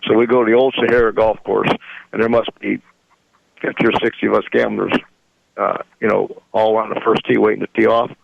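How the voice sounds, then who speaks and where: A man's voice: lowish voice, flat delivery, a little fast, gravelly, no echo, lo-fi sound. A man in his sixties, a radio show guest, telling rambling stories in folksy grammar and chuckling often. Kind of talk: casual storytelling.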